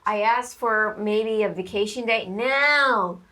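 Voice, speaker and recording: A woman's voice: medium pitch, fairly bright tone. Teasing woman hosting a chat show. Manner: playful, teasing, quick comebacks. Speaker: host. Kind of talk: casual office banter.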